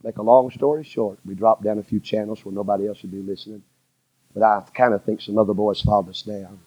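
A middle-aged man with a Southern American accent tells a story from the pulpit in a husky, folksy voice. He repeats phrases and drops to a hush before pushing out loud emphasis. The sound is close and dry, a little dull and lo-fi. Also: on the low side, fairly even intonation, fast talker, no room sound. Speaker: preacher. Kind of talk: storytelling sermon. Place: church sanctuary.

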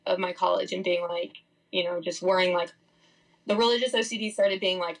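A woman's voice: on the low side, little pitch movement, brisk, gravelly, poor audio. A young woman speaking as a podcast guest, sharing a personal faith testimony in a candid, rambling way full of "like" fillers. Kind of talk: casual testimony.

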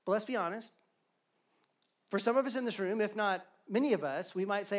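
A pastor with a high voice speaks a little fast and pauses often as he preaches to a live congregation in the church sanctuary. He is earnest, using repetition to build his points.

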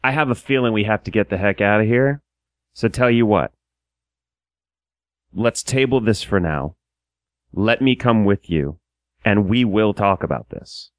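A man playing a desperate castaway who pleads and bargains, with a smooth, resonant voice. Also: on the low side, unhurried, long pauses, no room sound, close to an everyday voice. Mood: bargaining.

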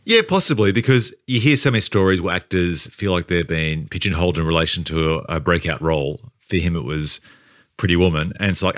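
Deep-voiced man musing about films. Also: brisk, fairly bright tone, dry recording, studio quality. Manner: thoughtful, builds long hypotheticals. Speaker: film podcast co-host. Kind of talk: casual film discussion.

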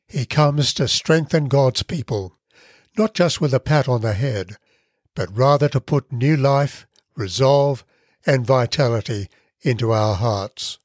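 A man hosting a devotional podcast, teaching from the Bible in a measured, earnest way and stressing key words. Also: mid-range voice, no echo, clean studio sound.

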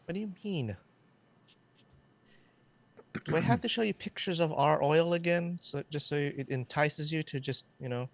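A man's voice: on the high side, moderate pace, gravelly, pauses often. A man co-hosting a casual comedy chat, throwing in dry, teasing remarks. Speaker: co-host.

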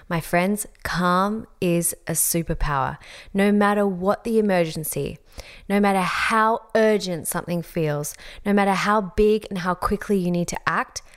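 An Australian woman in her thirties speaks in an earnest, conversational motivational style. Her voice sits a little low for a woman, and she talks to listeners as friends, drawing on stories from her own life. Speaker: speaker on calm and leadership. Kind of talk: motivational talk.

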